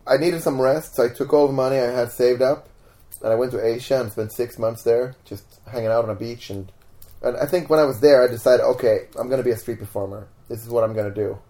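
This time the Swedish man talks fast in a medium-pitched voice, his Swedish accent clear. As a guest in a casual interview at home, he tells stories at an easy pace, often restarting and saying "like."

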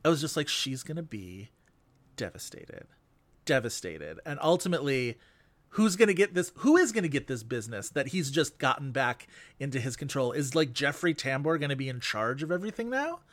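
A man's voice: fairly high pitch, expressive, fast, no room sound. A man chatting on a movie podcast, gossipy and full of asides. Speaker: podcast co-host. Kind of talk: casual movie podcast chat.

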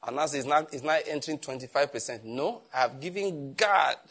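A man preaching a sermon as pastor, animated and emphatic, often firing rhetorical questions. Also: fairly high pitch, fairly quick, breathy edge.

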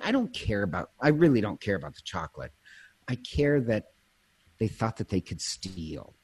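Man, priest, low husky voice, chatty storyteller. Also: very animated, normal speed. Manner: storytelling, self-interrupting, laughs easily. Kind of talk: casual conversation.

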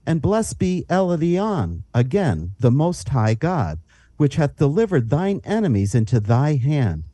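A man's voice: on the high side, measured pace, dry recording. A man reading Bible passages aloud and explaining them in a teaching podcast. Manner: reads scripture aloud with lively rises and falls.

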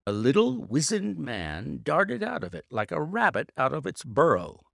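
A man reading a classic detective story aloud in a measured, theatrical manner. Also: on the high side, wildly swooping pitch, gravelly, fairly bright tone, no echo, studio quality. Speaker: audiobook reader. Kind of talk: scripted narration.

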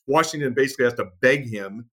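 A man's voice: mid-range voice, quick pace, bright, forceful tone. A man, a guest author, explaining military history in a conversational interview, with frequent fillers and restarts. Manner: many fillers and restarts, storytelling with acted quotes.

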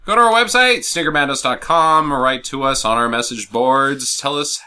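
A man's voice: mid-range voice, normal speed, sharp tone, smooth. A young man hosting a casual comedy podcast, joking and swearing with restarts. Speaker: podcast host.

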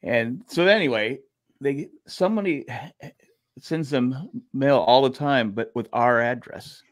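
A man's voice: medium pitch, a little slow. An older man, a podcast co-host, telling rambling stories in casual chat, swearing and putting on voices for the people in them. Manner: rambling storyteller who swears and acts out neighbors' voices.

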